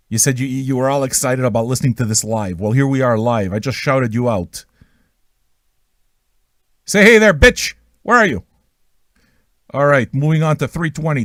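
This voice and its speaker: A man's voice: mid-range voice, brisk, darkish tone, no echo, studio quality. A man hosting an online music radio livestream, joking crudely and rambling as he welcomes listeners. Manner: joking, self-mocking, crude. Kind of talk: profane, rambling livestream banter.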